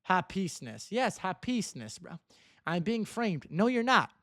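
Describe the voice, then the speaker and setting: A young male streamer with a slightly higher-pitched voice, answering viewer messages in loose, teasing chatter. He keeps up a mock-serious tone and caps his sentences with "bro." The sound is close and dry, with no room echo at all. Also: sing-song, measured pace, pushed and bright. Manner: teasing, mock-earnest, ends lines with "bro". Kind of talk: casual livestream chat reading viewer messages.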